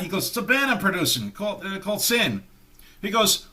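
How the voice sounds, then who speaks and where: Sixties male guest, bright high-ish voice, rambling anecdotal storyteller who acts out quotes. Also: animated, a little fast. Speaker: guest musician.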